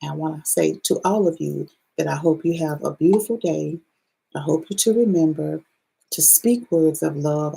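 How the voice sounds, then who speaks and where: Gravelly, husky woman reader. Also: deep voice, normal speed, mellow, poor audio. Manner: loose, salty, chatty. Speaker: spiritual card reader. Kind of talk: casual live reading to viewers.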